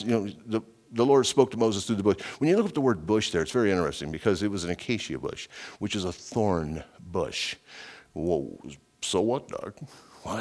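A middle-aged man preaching an informal verse-by-verse sermon, emphatic and chatty, often slipping in "you know" and stepping off his notes. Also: fairly low pitch. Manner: conversational, emphatic, digressive, with frequent "you know". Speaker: preacher and radio Bible teacher.

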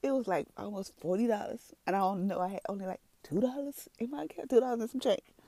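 Speaking quickly at a medium pitch on a dry recording, a warm woman with three children delivers an emotional personal testimony. She's tearful at times, rambles, repeats herself, and calls listeners "y'all."

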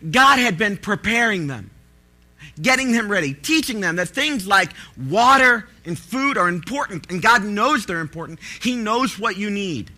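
A pastor delivering a sermon, his voice sitting high and ringing with a very bright edge. He tells stories in an animated way and breaks into loud, pleading bursts. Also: normal speed, faint music behind.

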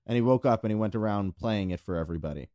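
Man, podcast co-host, deadpan humor, warm dark tone, dry close sound. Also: lowish voice, no room sound. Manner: dry, deadpan jokes, halting searches for words. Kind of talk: casual chat.

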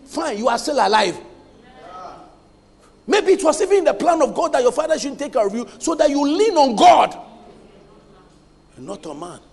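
A man preaching a sermon as pastor, emphatic, often pausing for the congregation to finish his lines. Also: very high voice, gravelly, darkish tone. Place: church hall. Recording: long hall reverb.

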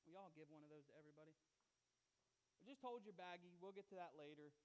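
A male pastor, preaching in a lively, conversational way and acting out the voices of the people in his stories. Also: a little high, quick pace, clear, resonant tone, low-quality recording. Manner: animated, conversational preaching with acted-out quotes. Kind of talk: sermon.

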